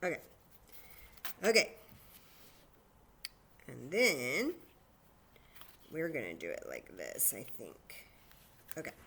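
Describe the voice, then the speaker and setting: A woman hosting a children's story time, talking slowly and simply to young children in an animated way. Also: rumbling low, gravelly, a little hiss or hum.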